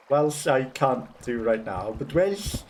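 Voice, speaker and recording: A man's voice: mid-range voice, darkish tone, slight background noise. A man with a Black Country accent giving chatty, self-deprecating commentary while playing a game and laughing often. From West Midlands, England. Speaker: gamer. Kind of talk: let's play commentary.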